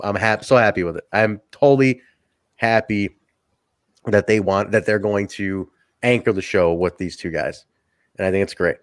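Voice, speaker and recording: A man hosting a podcast, recapping a wrestling show in casual, excited, profane chat. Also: lowish voice, clean tone, no echo, studio quality. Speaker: podcast host.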